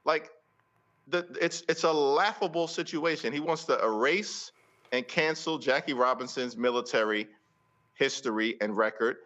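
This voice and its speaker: A man giving forceful political commentary on a talk show, stacking repeated phrases for emphasis. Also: mid-range voice, moderate pace, lo-fi sound. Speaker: congressional leader interviewed as guest.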